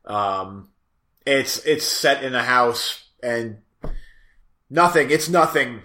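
A man talking movies in a casual chat, slow and unhurried, rambling with lots of fillers and restarts. His voice has a roomy echo around it. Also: mid-range voice, animated, bright, forceful tone. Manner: rambling, halting, many fillers and self-corrections. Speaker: host reviewing movies.

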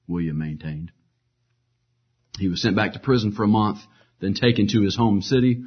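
A man's voice: fairly low pitch, animated, moderate pace, slightly rough, highs cut off. A man reading martyr stories aloud as a preacher, voicing the quoted lines with rising force and breaking off for casual asides. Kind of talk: dramatic storytelling reading with asides.

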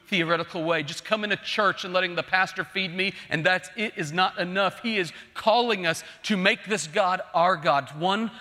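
Male pastor, high bright tenor, earnest emphatic sermon delivery, long church-hall reverb. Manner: earnest, emphatic preaching that swells into pleading.

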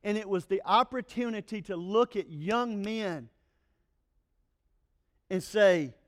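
A male pastor preaching a sermon, animated and playful, with joking asides to the congregation. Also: high voice, takes it slowly.

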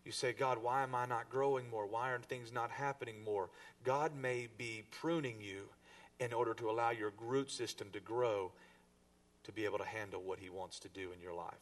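A man preaching a sermon to his congregation, rising to stress a point and then dropping low. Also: steady tone, moderate pace, distant mic. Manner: preaching to a congregation, with emphatic rises and soft drops. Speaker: pastor.

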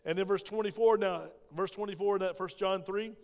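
A man's voice: high voice, fairly even intonation, a little fast, darkish tone. An older man preaching a sermon in a church, emphatic and asking the congregation questions. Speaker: pastor. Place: church sanctuary. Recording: echoey church hall reverb.

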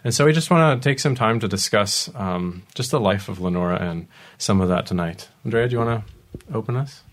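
A man's voice: lowish voice, animated, brisk. A man hosting a studio talk show, easygoing with lots of ums, laughing along with his guests. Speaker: host.

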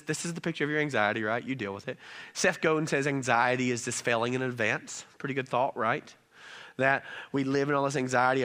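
A man's voice: a little high, sharp tone. A man preaching a sermon in a loose, joking, conversational way, often checking in with his listeners. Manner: joking, conversational, keeps asking "right?". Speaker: pastor. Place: church in Rome, Georgia.

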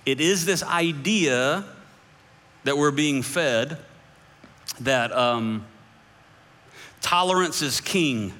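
A male pastor preaching a sermon in a conversational way, his voice climbing high whenever he voices other people's views. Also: bright, forceful tone. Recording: long echoing hall reverb.

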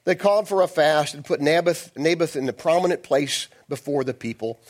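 A man's voice: a little high, fairly quick. A man preaching a sermon, reading Bible verses aloud and breaking off into casual, playful asides. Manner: conversational, digressive, playful asides.

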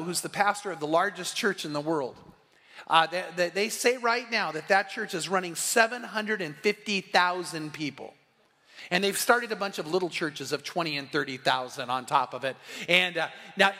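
A middle-aged male pastor with a high, bright, ringing voice, preaching in a conversational, storytelling way. His words carry a long reverb from a church sanctuary. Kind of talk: sermon.

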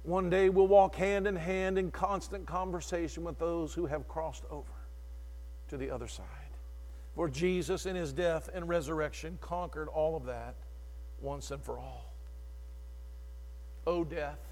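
A male preacher delivering an impassioned sermon that swings from hushed tones to shouted lines. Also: a little high, steady tone, a little slow, long pauses. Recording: long reverb in a large hall.

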